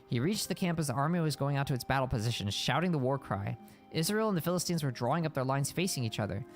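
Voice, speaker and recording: A man reading a Bible passage aloud on a stream and stopping to explain it in casual words. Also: mid-range voice.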